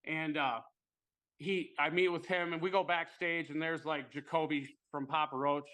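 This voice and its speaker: Bright, animated storytelling man. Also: a little high, moderate pace. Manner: animated storyteller, swears freely. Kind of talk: casual chat, storytelling.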